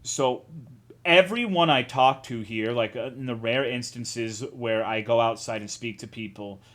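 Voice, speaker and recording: A man's voice: mid-range voice, unhurried, fairly bright tone. A man from Texas streaming, chatting casually and answering his chat in a rambling, profane, self-deprecating way. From Texas, USA.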